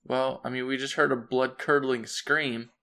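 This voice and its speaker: A tabletop player, a man with a gravelly, fry-tinged voice, talks hesitantly and pads his thoughts with fillers. His pitch sits in the middle. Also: fairly even intonation, normal speed, pushed and bright. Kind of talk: casual tabletop play.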